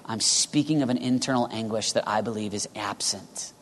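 A man preaching a sermon with passion, swinging between loud urging and hushed whispers. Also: on the low side, moderate pace, a little hiss or hum. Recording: long reverb of a large hall.

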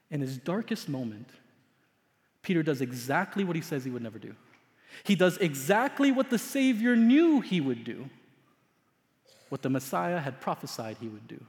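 A man preaching a sermon as pastor, telling a story dramatically, swinging between loud emphasis and hushed asides. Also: high voice, very animated, moderate pace. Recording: long hall reverb.

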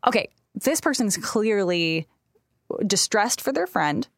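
A young woman co-hosting a casual podcast, her voice swinging widely in pitch as she reads listener letters and riffs with her partner. She laughs easily and tells stories with animated energy. The sound is dry and close, with no room in it. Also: unhurried, no room sound. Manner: lively, laughs often, animated storytelling. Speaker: podcast co-host answering listener questions. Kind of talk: casual chat.

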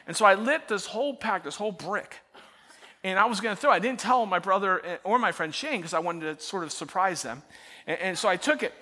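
Animated high-voiced man preaching. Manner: animated storytelling, self-mocking, turning quiet and prayerful at the close. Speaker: pastor. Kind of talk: sermon. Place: church auditorium.

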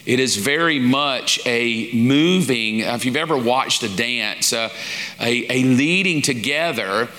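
A man's voice: medium pitch, measured pace, bright, forceful tone. A man, a pastor, teaching a sermon in a folksy, informal way, acting out little quoted asides. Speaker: pastor teaching a lesson series. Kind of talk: conversational sermon. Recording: long reverb of a large hall.

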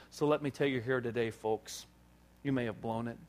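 Man, pastor, sermon delivery; animated storyteller who acts out dialogue; mid-range voice. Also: medium pitch, moderate pace. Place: church service.

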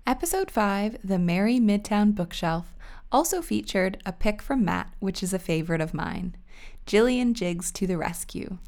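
A woman's voice: mid-range voice, lively intonation, normal speed, a little mellow. A woman co-hosting a book podcast, chatting with a nostalgic manner and many fillers. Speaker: podcast co-host. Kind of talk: casual book chat.

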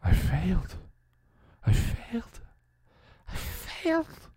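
A man's voice: fairly low pitch, very slow, warm tone, husky, no echo, studio quality, full character voice. Man reading as an anguished, broken vampire. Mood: despairing. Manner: anguished, desperate. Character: broken battered male vampire, devoted protector.

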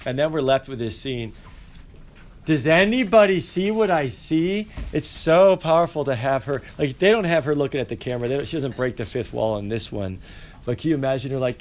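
A male teacher giving an animated, playful class lecture and asking his students questions. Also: mid-range voice, fairly quick. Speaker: high school teacher.

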